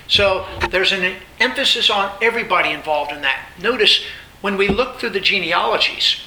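A man's voice: sits high, creaky, bright, forceful tone, reverberant, a little hiss or hum, low-quality recording. A man teaching a Bible lecture, explaining with repeated emphasis and frequent fillers.

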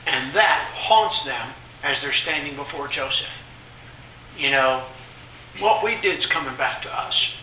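A man's voice: medium pitch, lively intonation, a little slow, pushed and bright, roomy sound, far from the mic, slight background noise, poor audio. A man preaching an expository Bible teaching, conversational and paraphrasing scripture with frequent restarts.

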